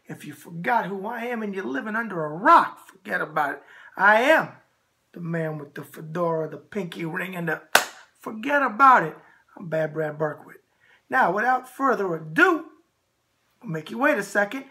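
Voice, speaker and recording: A male host from Michigan runs a boxing viewer-question show from his home. He talks in a brash, opinionated way and keeps coming back to his catchphrase. His voice has a sharp, forceful edge. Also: sits high, lively intonation, normal speed.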